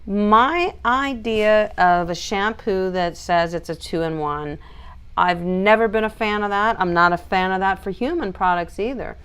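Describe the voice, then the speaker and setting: A woman dog groomer hosting a casual live stream, chatting and reading out viewer comments in an animated, laughing way. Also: mid-range voice, unhurried, smooth.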